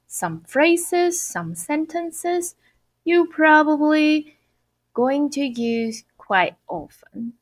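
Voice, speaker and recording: Lively, slow-spoken woman teaching Mandarin. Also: a little high. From Taiwan. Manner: cheerful, explains slowly and repeats phrases. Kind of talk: online language lesson.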